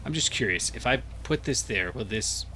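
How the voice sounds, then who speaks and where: He's a gaming channel host, still groggy from a nap, casually thinking aloud as he plays, with lots of fillers. His medium-pitched voice is bright and forceful with lively intonation at a normal pace, plus a little hiss or hum.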